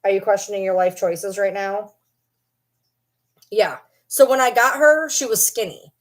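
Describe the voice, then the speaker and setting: A woman's voice: medium pitch, measured pace. A woman in a casual home vlog talks to the camera. She teases her pet dog in a doting, playful voice and switches easily into baby talk. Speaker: vlogger.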